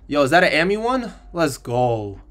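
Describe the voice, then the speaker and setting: A young man doing casual gameplay commentary for his channel, energetic and sarcastic, and he bursts into loud excitement. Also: fairly high pitch, normal speed. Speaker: gaming YouTuber.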